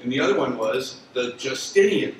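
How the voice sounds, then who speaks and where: A man's voice: medium pitch, lively intonation, normal speed, noisy background. Older guy in his 60s rambling thru a story at a dinner, far off in an echoey hall, dishes clinking. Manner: rambling, conversational, many fillers and restarts. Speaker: lawyer telling a story at an association event. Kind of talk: spoken reminiscence to an audience. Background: clinking cutlery and dishes.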